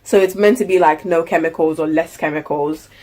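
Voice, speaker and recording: Young woman, slightly low voice, chatty haul vlogger who rambles. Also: fairly even intonation, brisk, darkish tone. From United Kingdom. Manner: chatty, rambling, lots of fillers. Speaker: lifestyle vlogger. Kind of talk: casual grocery haul chat. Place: at home.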